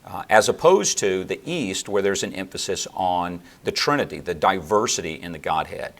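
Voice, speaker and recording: Very deep-voiced man explaining theology. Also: animated, gravelly. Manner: measured, lecturing, with fillers and restarts. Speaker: theologian guest. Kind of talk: explanatory interview answers.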